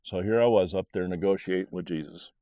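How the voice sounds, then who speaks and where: Deep-voiced man telling his story. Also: brisk, dark tone, no echo, lo-fi sound. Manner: rambling, conversational, earnest. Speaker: podcast storyteller. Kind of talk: personal faith testimony.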